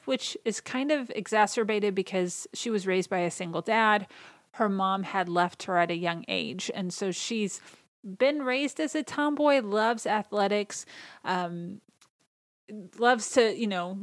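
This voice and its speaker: A podcast host with a medium-pitched voice chats enthusiastically through a casual movie recap, reading out her favorite quotes. The sound has no echo.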